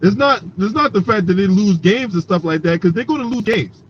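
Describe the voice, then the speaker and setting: A man's voice: high-pitched, lively intonation, a little fast. A man hosting a casual sports talk panel, emphatic and swearing freely. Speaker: host. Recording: dull lo-fi call audio with faint noise.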